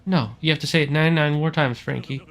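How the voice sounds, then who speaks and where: A man's voice: on the high side, fast, gravelly. A man voicing a clingy, melodramatic lovestruck woman with a Southern belle drawl, gushing and demanding. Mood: pleading.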